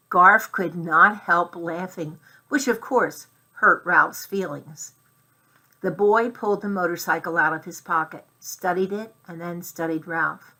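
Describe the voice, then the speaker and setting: A woman reading a children's chapter book aloud in clear storytelling style. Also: on the low side, a little slow, sharp tone. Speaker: narrator.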